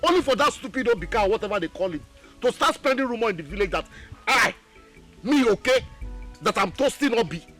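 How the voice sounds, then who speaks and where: An actor with a Nigerian accent playing an excitable, gossipy young village man. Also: high voice, faint music behind. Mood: indignant. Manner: excitable, fast-talking. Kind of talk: film acting.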